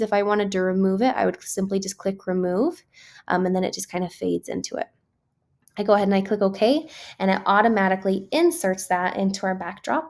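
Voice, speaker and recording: A woman teacher narrates a screen-recorded tutorial, explaining each step in a patient, friendly way. Her delivery is relaxed and conversational, dotted with ums as she clicks through. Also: medium pitch, vocal fry.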